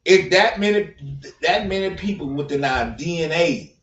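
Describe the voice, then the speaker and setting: A man's voice: on the high side, animated, normal speed, a bit bright. A man co-hosting a casual opinion podcast, speaking in an earnest, emphatic, preachy way. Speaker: podcast co-host. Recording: roomy, distant, dull sound.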